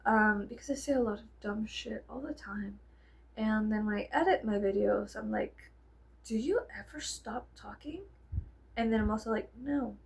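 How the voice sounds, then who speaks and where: A woman's voice: medium pitch, moderate pace, gravelly, husky. A young woman with a Southern US accent, chatting casually to camera at home, rambling, swearing, and slipping into whispers. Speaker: vlogger.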